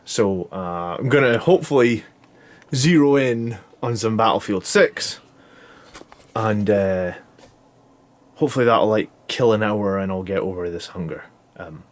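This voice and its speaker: A man in his thirties recording a casual video diary while worn out and foggy from fasting, rambling and often restarting his sentences. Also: on the low side. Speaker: YouTube channel host.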